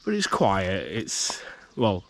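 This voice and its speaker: A man's voice: sits low, wildly swooping pitch, takes it slowly. Chatty man vlogging outdoors, a bit bunged up. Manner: chatty, rambling, restarts and laughs. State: bunged up from a cold. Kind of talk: casual vlog, walking outdoors. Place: outdoors on a rural campsite by a loch.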